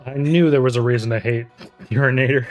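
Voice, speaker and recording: A man's voice: medium pitch, steady tone, fast talker, soft background music. A man streaming a game, chatting casually with friends and laughing often.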